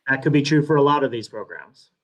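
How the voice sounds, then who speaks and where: A man's voice: mid-range voice, lively intonation, fast talker, a bit bright, highs cut off. A man explaining school budget matters in a council meeting over a video call, with some hesitation. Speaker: school administrator.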